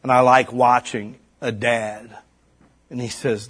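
A man preaching a sermon as a storyteller, climbing high and loud when stirred. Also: little pitch movement, slow, slightly rough. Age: adult parent.

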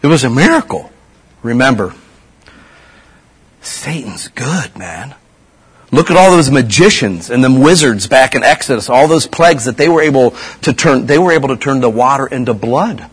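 Man, sermon, husky voice, casual preaching with rhetorical questions. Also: medium pitch, animated, a little fast, few pauses, low-quality recording.

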